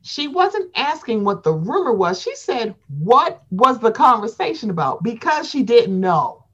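Casual chatty woman, higher voice with big swings, lively and profane, doing voices as she tells it. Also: unhurried, husky, muffled recording. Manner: animated, acts out quotes with playful voices, profane. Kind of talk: casual chat recapping reality TV.

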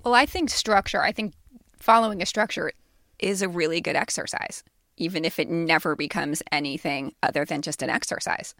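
A woman co-hosts a writing podcast with a low, gravelly voice, making her case earnestly with a playful, teasing edge. The sound is dry and close, with no room around it. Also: brisk, a bit bright, no echo. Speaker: podcast co-host and writing teacher. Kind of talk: casual chat. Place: university recording studio.

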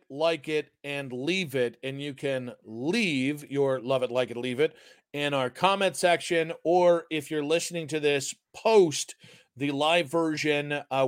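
A man's voice: on the high side, normal speed. A man co-hosting a sports podcast, blunt and sarcastic, swearing freely in casual debate.

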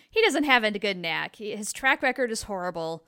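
Bright, clear-voiced female co-host. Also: medium pitch, dry recording, clean studio sound. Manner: enthusiastic, quick to agree. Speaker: podcast co-host. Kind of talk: casual fan chat.

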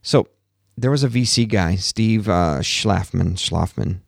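A man hosting a podcast from his home office, telling an animated story in a casual monologue and acting out the quotes. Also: lowish voice, takes it slowly, creaky, no echo, clean studio sound. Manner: animated storytelling, acts out quotes, laughs at himself. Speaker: podcast host.

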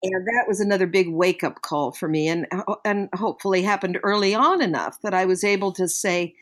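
An older woman co-hosting a casual podcast, telling parenting stories in an earnest, reflective way and brightening when she quotes people. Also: mid-range voice, a little fast, few pauses. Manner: earnest, reflective, animated when quoting others. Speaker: podcast co-host, parenting guest. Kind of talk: casual podcast chat, storytelling.

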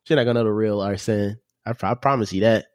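A man's voice: on the low side, fast, darkish tone, smooth, dry recording, clean studio sound. A man co-hosting a podcast, chatting casually in a playful, slangy way. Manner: playful, slangy, jokes around. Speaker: podcast co-host. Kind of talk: casual chat.

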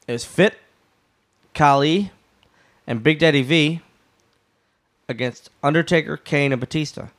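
A man guesting on a podcast, telling a backstage story in a lively way and swearing freely. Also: a little high, a little slow, long pauses.

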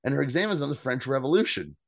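A man co-hosting a podcast, casually recapping an episode with animated, swearing commentary and acted-out quotes. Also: rapid-fire, creaky, no echo, clean studio sound. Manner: animated, acts out quotes with jumps in pitch, swears freely. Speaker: podcast co-host.

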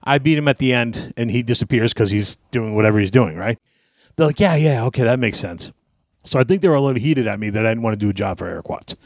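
A man, a wrestling guest, telling a story in casual talk, cursing freely and acting out his shouting. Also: mid-range voice, fast, no echo, studio quality. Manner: profane, animated, acts out yelling.

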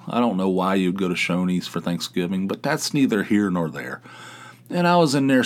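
A middle-aged man from West Virginia with a fairly low voice tells stories alone at home. He rambles, restarts his sentences and pokes fun at himself. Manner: rambling, self-deprecating, with asides and restarts. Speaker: podcast host. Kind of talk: casual storytelling monologue. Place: home office in basement.

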